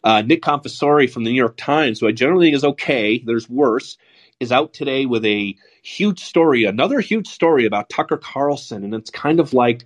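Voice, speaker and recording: Sardonic husky-voiced male podcast host. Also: mid-range voice, brisk. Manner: sardonic, profane, animated. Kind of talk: casual political chat.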